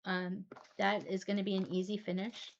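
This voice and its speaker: Soft-spoken woman, teary crafting vlogger. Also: mid-range voice, flat delivery, lo-fi sound, a little hiss or hum. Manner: soft-spoken, pauses often with ums. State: teary, voice breaking. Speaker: cross stitch vlogger. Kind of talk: casual show-and-tell vlog.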